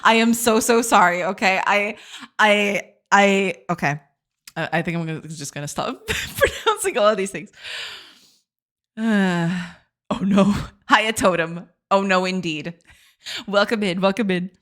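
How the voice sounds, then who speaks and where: Giggly woman streamer chatting w/ her viewers, bouncy pitch, takes her time. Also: lively intonation, a little slow, fairly bright tone. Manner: giggly, chatty, reads chat aloud. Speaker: game development streamer. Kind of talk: casual live-stream chat.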